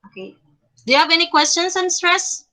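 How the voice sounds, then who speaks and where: A young Filipino English-accented woman leads a lesson in a high voice. She talks deliberately and keeps checking in with her students. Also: bright, forceful tone, low-quality recording. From Philippines. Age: young adult. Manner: deliberate, checks in often with okay. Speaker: teacher in a class role-play. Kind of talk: classroom teaching.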